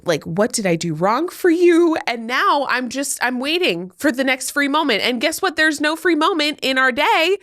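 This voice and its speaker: A woman's voice: high voice, sing-song, normal speed, hardly any pauses, fairly bright tone, no echo, clean studio sound. A woman co-hosting a casual comedic chat, self-mocking and playing up mock outrage. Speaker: podcast co-host, teacher.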